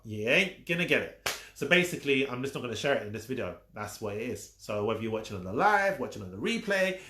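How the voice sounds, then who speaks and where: With big pitch swings, a bright, forceful tone and a fast delivery, this mid-range male voice belongs to a social media coach teaching casually on a live stream. He stresses and repeats his points, teases viewers, and the recording has a roomy echo.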